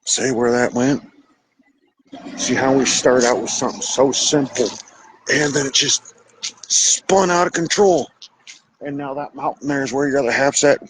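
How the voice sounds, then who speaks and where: A man hosting a podcast, lecturing about relationships in a blunt, casual way with some swearing, switching between fast bursts and slow, drawn-out emphasis. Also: mid-range voice, slightly rough, low-quality recording. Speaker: podcast host. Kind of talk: relationship advice monologue.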